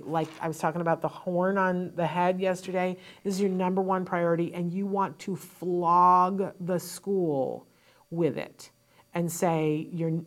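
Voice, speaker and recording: A woman host gives advice to parents in an emphatic, rapid monologue full of frank asides. Her voice sits a little low for a woman, and she speaks into a studio microphone.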